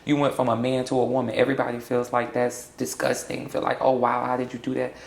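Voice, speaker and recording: A young trans woman from South Florida speaking in a candid sit-down interview, blunt and sassy and quick to laugh. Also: extremely low pitch, completely flat delivery, vocal fry, a little mellow, echoey room. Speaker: interview guest.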